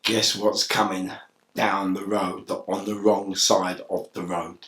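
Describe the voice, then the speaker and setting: A man with a London accent telling an excitable, animated story, laughing and shouting as he goes. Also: low voice, a little slow, reverberant, far from the mic. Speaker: interview guest.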